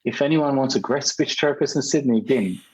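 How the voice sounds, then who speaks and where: A man's voice: mid-range voice, a little fast, husky, poor audio. A man speaking English as a second language with a non-native accent, a guest in a podcast interview who talks emphatically and repeats key phrases. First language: not English. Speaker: guest, speaking contest runner-up.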